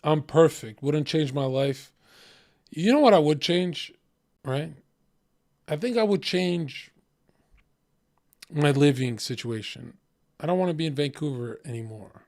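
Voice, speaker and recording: A man's voice: fairly high pitch, animated, a little slow, long pauses, darkish tone, no echo, clean studio sound. A man hosting a podcast, telling stories bluntly and swearing freely. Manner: blunt, profane storyteller. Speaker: podcast host. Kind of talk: casual podcast chat.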